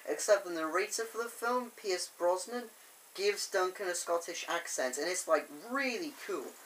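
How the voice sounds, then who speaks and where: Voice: medium pitch, expressive, normal speed, a bit bright, slight background noise, low-quality recording. Rambling fan reviewer. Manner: enthusiastic, chatty, with many fillers. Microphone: camera on a tripod.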